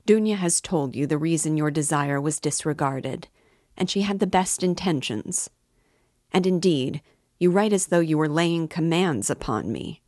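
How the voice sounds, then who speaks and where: A woman's voice: low-pitched, a little mellow, no room sound, studio quality. A woman reading the part of an indignant older mother who reproaches a suitor heatedly.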